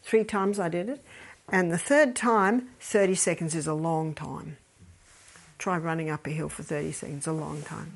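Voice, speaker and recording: A woman's voice: low voice, steady tone, normal speed, creaky. An older woman, casually giving advice, telling stories and acting out the people in them. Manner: storytelling, acts out quoted voices, quotes scripture.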